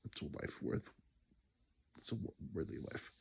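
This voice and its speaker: A man's voice: a little slow, slight background noise. A grieving man telling a personal story in a reflective, rambling way, sighing and dropping to near-whispers. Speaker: vlogger.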